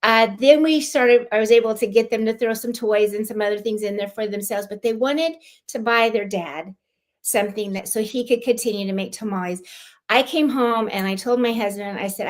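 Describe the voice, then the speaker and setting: A woman from California, a guest on a live-streamed club show, telling a personal story in a heartfelt, animated way. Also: fairly high pitch, normal speed. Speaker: guest, club lieutenant governor.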